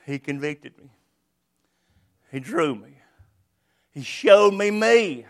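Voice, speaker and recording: An older man preaching a sermon, emphatic and repetitive, swinging between loud declarations and hushed lines. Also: medium pitch, animated, a little slow, long pauses.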